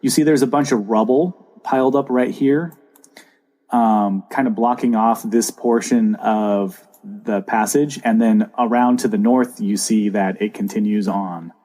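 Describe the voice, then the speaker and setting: A man narrating a tabletop game as dungeon master, pausing often with ums and uhs. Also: lowish voice, fairly even intonation, warm tone. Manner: hesitant, many ums and uhs.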